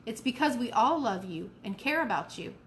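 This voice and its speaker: A woman's voice: a little high, expressive, normal speed, fairly bright tone, slight background noise. A woman reading a storybook aloud and voicing a caring, firm mother.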